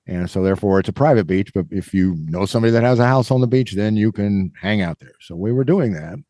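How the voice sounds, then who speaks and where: A man's voice: fairly low pitch, fast, dark tone, no echo. A middle-aged man hosting a podcast and telling a rambling story, full of fillers and acting out the people in it. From Kansas, US. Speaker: podcast host. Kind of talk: casual storytelling.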